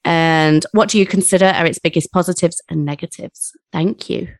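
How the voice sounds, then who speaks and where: A woman's voice: fairly low pitch, normal speed, dry recording. A woman co-host from the Lancashire-Yorkshire border with a northern English accent, chatting in a friendly, giggly way full of fillers. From northern England. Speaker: podcast co-host. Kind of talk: casual podcast chat.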